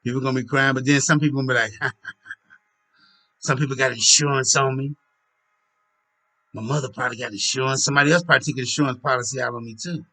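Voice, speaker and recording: A man's voice: medium pitch, fairly even intonation, fast, long pauses, bright, forceful tone. A tired, yawning man rambling through a casual monologue for his own video, repeating himself and murmuring asides. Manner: repetitive, drifting, with murmured asides. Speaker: vlogger.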